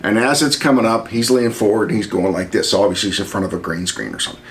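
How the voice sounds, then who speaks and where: A middle-aged man hosting his channel, telling a personal story in a relaxed, blunt way and swearing freely. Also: on the low side, very fast. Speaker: channel host. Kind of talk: casual storytelling vlog.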